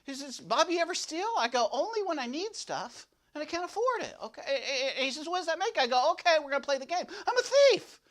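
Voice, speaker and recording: A man's voice: extremely high pitch, sing-song, fairly quick, hardly any pauses, a bit bright, full character voice. A man playing a boastful, goofy young slacker in a comedic devotional monologue, rambling and repeating himself to grab attention. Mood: brash. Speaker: devotional speaker.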